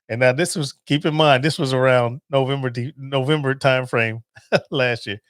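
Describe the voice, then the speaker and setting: Animated man telling stories into a dry mic. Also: medium pitch, moderate pace, dry recording. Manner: animated storytelling with laughs and acted-out phone calls. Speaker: podcast host. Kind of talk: casual monologue.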